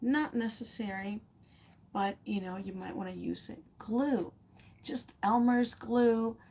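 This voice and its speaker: A woman's voice: fairly high pitch, slow pace, creaky, darkish tone, slight background noise. A woman giving a casual, rambling craft lesson from a home studio, laughing often as she chats with viewers. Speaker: art teacher.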